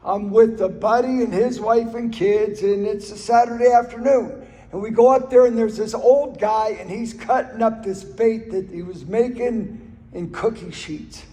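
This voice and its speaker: A man whose voice sits high and mellow speaks in an unhurried way with fairly even intonation. His earnest recovery talk is built on personal stories and phrases repeated for emphasis, recorded with hall reverb.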